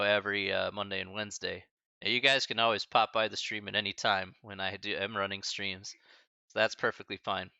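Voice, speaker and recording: Guy saying bye to his class on stream, gravelly low voice, kinda choked up, talks like a buddy, bright edge, muffled dry mic. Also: no room sound. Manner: halting and choked up, many restarts and sighs; casual, friendly, calls listeners buddy and man. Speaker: math professor streaming a class. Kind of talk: emotional farewell talk to a live stream chat.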